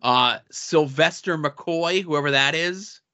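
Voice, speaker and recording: Bright-voiced man running down guest lists. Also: fairly high pitch, slow, lo-fi sound. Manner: reads off guest lists with dry asides. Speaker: podcast co-host. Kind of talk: casual podcast chat.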